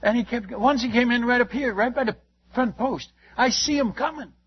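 High-voiced husky man telling a story. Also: moderate pace. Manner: lively, exclamatory, many restarts. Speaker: missionary preacher. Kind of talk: anecdotal storytelling to a listener. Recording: dull lo-fi recording.

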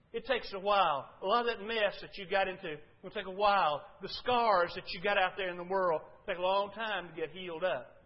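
An older male preacher, delivering a sermon that moves between loud, fervent pleas and quiet, low confiding talk. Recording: dull lo-fi recording.

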